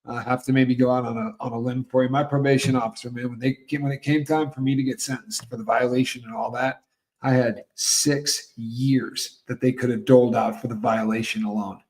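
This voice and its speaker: A male host in casual conversation, telling stories with lively delivery and acting out the other voices himself. His voice sits at an average pitch for a man. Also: fairly quick, poor audio. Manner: animated, acts out quoted dialogue. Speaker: podcast host.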